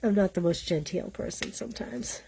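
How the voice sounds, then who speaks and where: A Boston-accented woman hosts a live card-stamping class, chatting and teasing herself as she explains each step. Her voice is on the low side, gravelly and slightly rough, with a dark tone at a normal speed.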